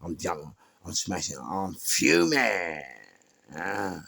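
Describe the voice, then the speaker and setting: London man, low and rough-edged voice, casual storyteller who acts out the quotes. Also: sing-song, slow, sharp tone. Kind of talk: casual spoken anecdote.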